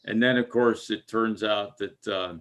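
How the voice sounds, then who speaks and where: A man's voice: on the low side, steady tone, unhurried, fairly bright tone. Hesitant man summarizing a story. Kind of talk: casual book discussion.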